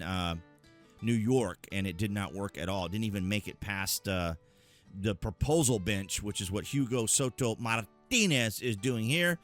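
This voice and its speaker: A man hosting a political commentary channel, talking casually and emphatically, with frequent filler pauses. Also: lowish voice, fairly bright tone.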